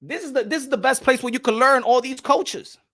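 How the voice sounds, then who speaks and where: A man's voice: very high voice, fairly quick, sharp tone. A man from New York with a New York accent, talking in a loose, profane, laughing monologue as a boxing channel host. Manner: loose, swearing, laughing often.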